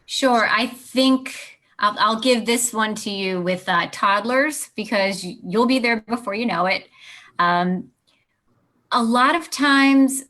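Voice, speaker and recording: A woman's voice: medium pitch, a bit bright. A woman, a parenting author and guest on an interview show, explaining her ideas and acting out little scenes between parent and child. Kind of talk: interview answers.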